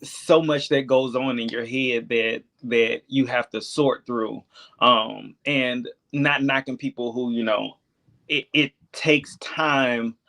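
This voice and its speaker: Guy around thirty, talks slow and thoughtful, lots of ums, regular pitch. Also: steady tone, creaky, pushed and bright. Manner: hesitant, reflective, many filler ums. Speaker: podcast guest. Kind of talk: candid conversation.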